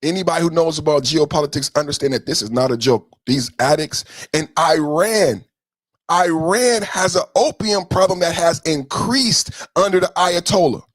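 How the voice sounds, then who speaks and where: A man's voice: normal speed, no echo. Combative, profane man ranting at viewers. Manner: emphatic repetition, swings between loud and low. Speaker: podcast host. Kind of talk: livestream political rant.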